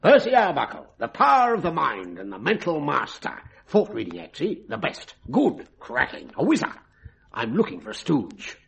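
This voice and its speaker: An actor playing a breezy, wheedling stage mind-reader who talks in slang, in a vintage radio drama. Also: male voice, a little high, wildly swooping pitch, normal speed, gravelly, fairly bright tone, husky, exaggerated voice. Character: brash cockney male stage mind-reader.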